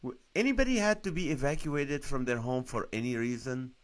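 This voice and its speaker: A middle-aged man hosts a casual live stream from home, talking straight to his viewers. He rambles through comic stories, laughs at his own jokes, and keeps it loose and chatty. His voice sits at an everyday middle pitch. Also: fairly quick. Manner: rambling, joking, laughs often. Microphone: phone or webcam on a live stream.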